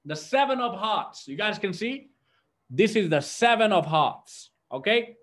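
A male network marketing trainer gives a motivational training talk with a notably high voice. He speaks energetically and addresses his audience directly, keeping them engaged. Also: very animated, unhurried, a bit bright.

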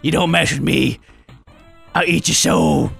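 Menacing gangster puppy, voiced by a man, low growl, bright edge, game commentary. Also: measured pace, vocal fry, husky, faint music behind, exaggerated voice. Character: tough gangster female puppy, menacing street thug.

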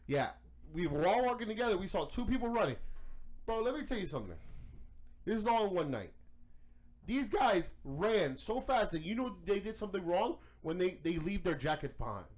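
A man hosting a podcast, telling a story in casual chat, animated and profane. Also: high-pitched, moderate pace. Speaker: podcast host.

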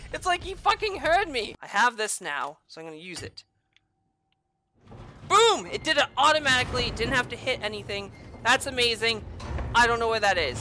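A woman narrating her own let's-play of a survival horror game. She is excitable and profane, and her bright, piercing voice jumps from low grumbling to loud yelps. A faint hum sits behind her. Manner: excitable, profane, swings between groans and shrieks. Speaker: game streamer.

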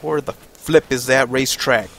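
A man's voice: medium pitch, steady tone, moderate pace, creaky, a bit bright. A man giving casual, frustrated commentary over his gameplay, swearing and thinking aloud. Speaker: let's play gamer.

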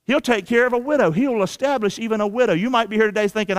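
Male pastor, high-pitched, energetic folksy preaching with call-and-response lines. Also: fast talker, few pauses. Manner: energetic preaching, calls for the congregation to repeat lines; colloquial, drops into folksy slang. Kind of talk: sermon. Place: church sanctuary.

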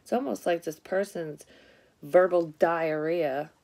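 A woman's voice: lowish voice, slow pace, dark tone. A woman giving a casual psychic reading to her viewers, blunt and rambling, swearing freely. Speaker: psychic reader. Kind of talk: casual tarot-style reading.

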